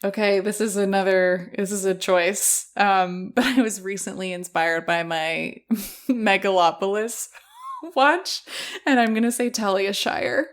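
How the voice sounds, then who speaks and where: A woman's voice: medium pitch, measured pace. A woman talking as a podcast guest in casual film chat, chatty, laughing a lot and saying "like" often.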